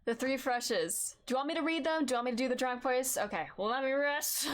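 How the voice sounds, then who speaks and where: A woman's voice: high-pitched, brisk, few pauses. A woman streaming a game, chatting casually, laughing and muttering to herself as she plays. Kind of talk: casual let's-play commentary. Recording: game music behind the voice.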